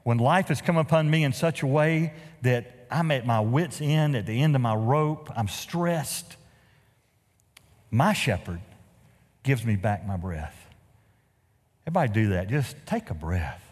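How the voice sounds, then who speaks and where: Animated male pastor preaching in a reverberant hall. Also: medium pitch, measured pace. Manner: animated storytelling with humorous asides. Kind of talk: sermon. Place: church sanctuary.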